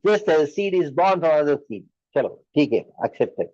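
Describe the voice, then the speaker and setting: Man, Indian English accent, sermon, high voice, dry slightly muffled recording. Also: sing-song, a little fast, warm tone, dry recording. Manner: repeated rhetorical questions. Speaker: spiritual teacher.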